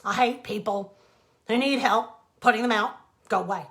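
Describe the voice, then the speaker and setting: A woman's voice: medium pitch, lively intonation, normal speed, fairly bright tone, lightly acted. A woman voicing a mean, grumpy male creature who speaks snappishly in a bedtime storybook reading. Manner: snappish, scornful.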